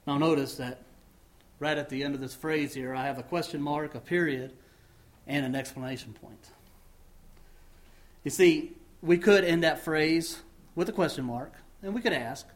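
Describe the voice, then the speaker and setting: A male pastor preaching with a slightly higher voice than most men. He fires questions at his congregation, swells on key words and lets each phrase end sink quietly. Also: moderate pace. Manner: rising emphasis then dropping low at phrase ends; asks the congregation many questions. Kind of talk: sermon and closing prayer.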